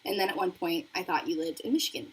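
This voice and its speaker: A woman's voice: fairly low pitch, quick pace, breathy edge, rough recording. A young woman from the Northeastern US, chatting casually with viewers on a livestream. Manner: chatty, animated, talking to viewers. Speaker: beauty livestream host.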